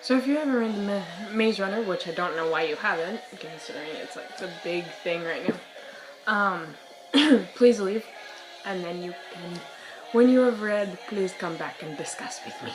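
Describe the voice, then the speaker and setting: A young woman who vlogs about books chats casually over soft music, her mid-range voice hoarse as if she's losing it. She speaks at a moderate pace, animated and rambling, with dramatic outbursts and giggles.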